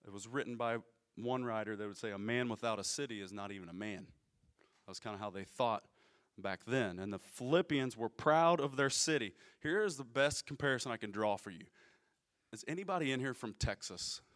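Speaking fairly quickly, a medium-pitched man delivers a relaxed sermon that feels like a conversation. He lays things out patiently, checking in with his listeners by asking them questions along the way.

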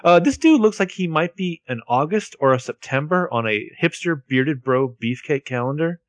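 A man's voice: a little high, expressive, normal speed, no echo. A man co-hosting a podcast, narrating a TV episode's plot in a jokey, rambling way. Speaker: podcast co-host. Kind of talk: casual recap chat.

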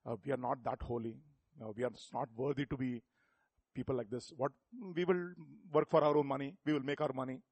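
A man's voice: medium pitch, steady tone, a little fast, darkish tone, breathy edge, dry recording, voice pushed down. A man voicing a fawning, falsely humble male churchgoer who pleads meekly. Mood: meek pleading. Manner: meek, pleading, self-abasing.

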